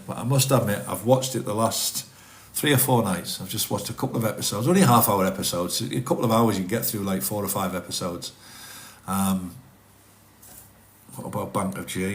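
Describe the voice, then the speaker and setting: Chatty middle-aged man, low voice. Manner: chatty, rambling, answers comments aloud. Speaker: livestream host reading chat. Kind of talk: casual live chat.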